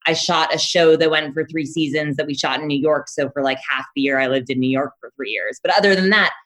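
A woman's voice: low-pitched, brisk, a bit bright. A woman from Los Angeles, a guest on a podcast, chatting casually in a rambling way with many hesitations. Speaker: podcast guest, writer-producer. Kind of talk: casual chat.

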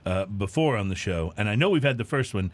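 A man co-hosting a casual drinks podcast, chatting in a relaxed, rambling way with lots of fillers. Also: lowish voice, fast talker. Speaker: podcast co-host. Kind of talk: casual chat.

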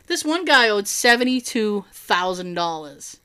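A woman telling a long personal story in casual chat, animated, swearing and laughing often. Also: a little high, a little slow, few pauses, smooth.

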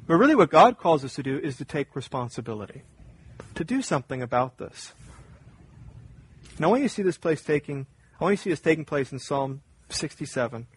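Male pastor, slightly high husky voice, emphatic sermon delivery with repeated phrases. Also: very animated, brisk, poor audio. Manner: emphatic preaching, repeats phrases, rising to loud fervor.

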